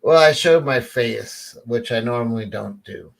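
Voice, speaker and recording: A man's voice: medium pitch, lively intonation, unhurried, gravelly. A man guesting on a podcast, chatting casually with dry jokes. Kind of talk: casual chat.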